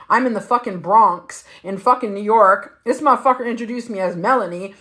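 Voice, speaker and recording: Woman, middle-aged, livestream host, casual storytelling, profane, emphatic, mid-pitched voice. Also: fairly quick, few pauses, pushed and bright.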